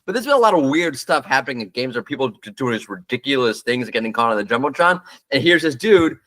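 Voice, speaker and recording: A man's voice: mid-range voice, sing-song, fast talker, a bit bright. A man talking casually and bluntly, giving his opinions on brand ads as the host of a marketing show. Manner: blunt, opinionated, talks off the cuff with fillers. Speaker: marketing commentator. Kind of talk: casual solo commentary.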